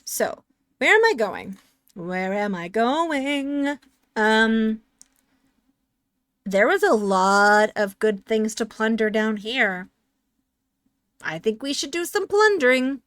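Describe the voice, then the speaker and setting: A woman's voice: mid-range voice, a bit bright, dry recording. A woman streamer chatting casually while playing a game, rambling and sarcastic as she answers chat.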